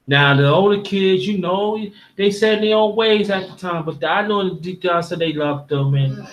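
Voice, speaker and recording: A man with a high voice speaks at normal speed; he's a panel host from Brooklyn, New York. Emotional and heartfelt, he recounts a story casually, rambling and restarting often.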